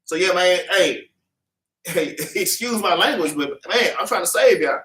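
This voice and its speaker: A man with a high, animated voice, a bit bright and at normal speed, teaches a Bible class. Preaching fervently in repetitive street talk, he has scripture read back to him by the congregation in a meeting room. The mic is distant and the room echoes.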